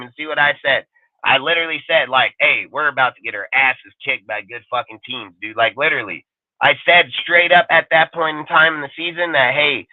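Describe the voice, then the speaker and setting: A man's voice: fairly high pitch, no room sound. A man ranting as a sports talk panelist, swearing constantly and hammering the same points over and over. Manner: profane, emphatic, repeats points. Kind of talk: heated casual sports rant. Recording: tinny phone-line audio.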